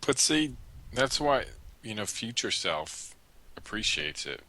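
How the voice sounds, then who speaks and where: A man co-hosting a casual podcast, teasing in a deadpan way and swearing freely. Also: fairly low pitch, takes it slowly. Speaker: podcast co-host. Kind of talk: casual banter.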